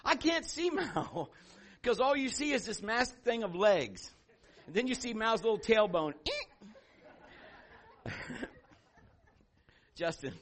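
Animated pastor with a bright, high voice. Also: male voice, slow pace, pauses often. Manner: animated storyteller who swings from hushed asides to shouted exclamations. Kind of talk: sermon with storytelling.

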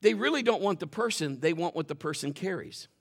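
A middle-aged man preaching a sermon in a folksy, animated way, acting out quotes and dropping to a whisper for emphasis. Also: high voice, brisk, vocal fry. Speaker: pastor.

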